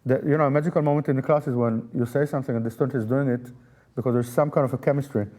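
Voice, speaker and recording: A man's voice: mid-range voice, steady tone, racing, warm tone. A man, a festival artistic director and pianist, answering interview questions thoughtfully, with frequent fillers and repeated words.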